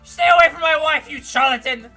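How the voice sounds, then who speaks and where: Woman doing a hotheaded middle-aged police vice commissioner for a game read-through, loud and blustering, voice pushed up high and bright. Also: wildly swooping pitch, measured pace, faint music behind, heavily acted. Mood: furious. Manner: shouting, blustering accusations.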